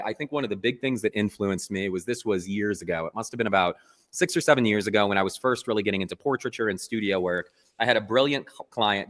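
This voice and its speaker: A man, a photographer, being interviewed, telling stories in an earnest, animated way. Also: lowish voice, big-room sound. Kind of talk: casual interview talk.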